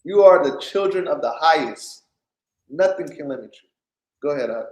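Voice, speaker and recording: A man preaching informally on scripture, often pausing to ask "right?" and restarting his sentences. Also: fairly high pitch, expressive. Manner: keeps asking "right?", stops and restarts often. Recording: echoey room.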